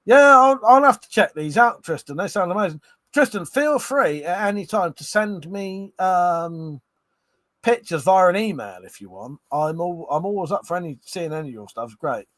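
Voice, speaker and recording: A man hosting a late-night livestream, a little tipsy, chatting with viewers as he reads their comments. His slightly high voice swings up and down animatedly, with frequent laughter and casual swearing. The sound is close and dry. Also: expressive, moderate pace, fairly bright tone, no room sound. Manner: laughs often and swears freely. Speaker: livestream host. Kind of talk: casual live-stream chat reading viewer comments.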